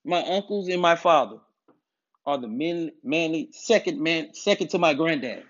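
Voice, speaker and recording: Man, higher-pitched voice, emphatic, preachy monologue, repeats himself, muffled low-fidelity audio. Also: moderate pace, fairly bright tone. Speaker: commentator on masculinity. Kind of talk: direct-to-camera monologue. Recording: dull lo-fi audio.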